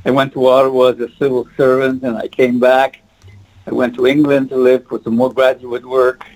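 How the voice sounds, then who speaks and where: A man's voice: mid-range voice, flat delivery, normal speed, darkish tone, poor audio. A man in his eighties from French Canada, whose first language is French, telling rambling stories as an interview guest. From French Canada, Quebec. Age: 80s. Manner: rambling, reminiscing, chuckling. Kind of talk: casual interview storytelling.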